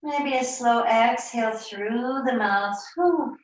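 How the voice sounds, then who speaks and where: Woman yoga teacher, very slow and calming delivery, live-streamed from a far mic in an echoey room. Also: on the high side. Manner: slow, soothing, unhurried cues. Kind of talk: live yoga class instruction.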